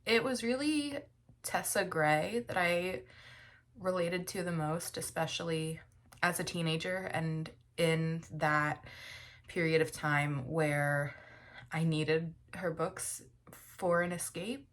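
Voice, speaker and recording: Slow, low-pitched, teary woman vlogger. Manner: emotional, teary, rambling with many fillers. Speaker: book vlogger. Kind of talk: casual personal reflection. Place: at home.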